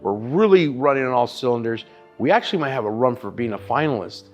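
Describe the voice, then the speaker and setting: Emphatic pitmaster with a profane streak. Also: male voice, mid-range voice, expressive, fast, faint music behind. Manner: emphatic and profane, calls the listener dude and bro. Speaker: barbecue pitmaster and chef. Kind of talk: casual interview storytelling.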